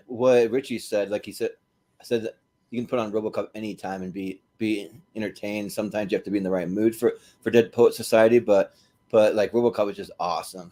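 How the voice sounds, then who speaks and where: Relaxed man hosting a movie chat. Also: on the low side. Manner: laid-back, laughs often, rambling. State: eating while talking. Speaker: podcast host.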